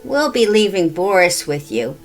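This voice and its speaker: A woman voicing an eerie old ghost woman who speaks in a slow, sugary, menacing way. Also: lowish voice, sing-song, faint music behind, poor audio. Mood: gloating.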